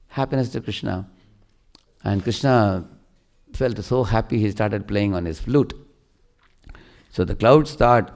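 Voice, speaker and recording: A man giving a devotional sermon, telling stories and often asking listeners questions. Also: mid-range voice. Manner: animated storyteller, asks listeners questions. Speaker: preacher.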